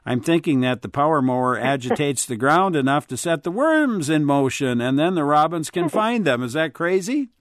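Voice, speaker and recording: A man's voice: a little high, expressive, normal speed, hardly any pauses, no room sound, clean studio sound. Man hosting a call-in radio show. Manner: casual with frequent fillers. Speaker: radio talk show host. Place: radio studio.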